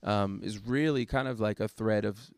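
A guest preacher talks casually and thoughtfully about a sermon he gave, with plenty of fillers and restarts. His voice sits on the low side at a moderate pace, recorded dry with clean studio sound.

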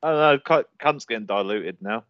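A man's voice: mid-range voice, lively intonation, fairly quick, dull audio. A man, co-hosting a podcast, teasing and laughing often. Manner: giggly, teasing. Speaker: podcast co-host. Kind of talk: casual banter.

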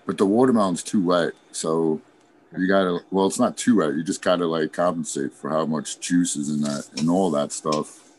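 Laid-back low-voiced man, rambling. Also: moderate pace, a little mellow. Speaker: podcast host. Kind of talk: casual chat. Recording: faint background noise.

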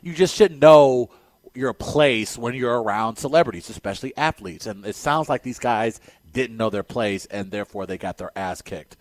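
A man's voice: mid-range voice, lively intonation, normal speed, no room sound. A man hosting a casual sports talk show, reading news items aloud and then giving emphatic, opinionated takes.

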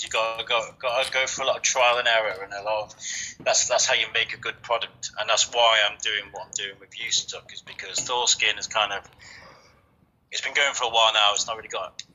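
A man's voice: on the low side, sharp tone, a little hiss or hum, low-quality recording. A man who hosts a podcast, talking casually and earnestly, swearing freely and often restarting his sentences. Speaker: podcast host. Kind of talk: casual chat.

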